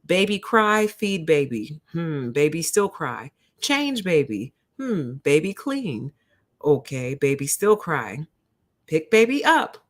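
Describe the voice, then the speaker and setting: A woman's voice: sits low, big pitch swings, slow, full character voice. A woman voicing a frustrated, simple-minded young father who speaks in clipped, broken phrases. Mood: grumbling. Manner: clipped broken caveman grammar.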